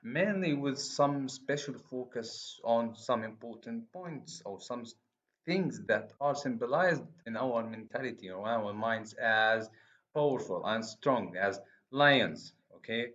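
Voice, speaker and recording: A man gives a university lecture at a middle pitch. He speaks haltingly, restarting phrases and asking "okay?" to check in. The recording is muffled and dull. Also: animated, fairly bright tone.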